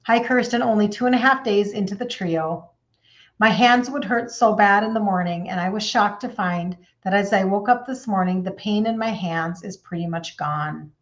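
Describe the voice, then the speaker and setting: A woman's voice: mid-range voice, moderate pace, highs cut off. Chatty woman hosting a live stream. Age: 50s. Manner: chatty, reads viewer comments aloud, many fillers. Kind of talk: casual live-stream chat.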